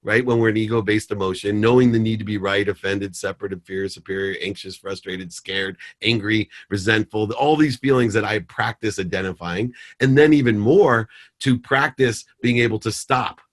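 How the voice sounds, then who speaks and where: A man's voice: lowish voice, normal speed, few pauses. A middle-aged man, a podcast guest, telling a story and acting out the dialogue. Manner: animated storyteller, acts out dialogue.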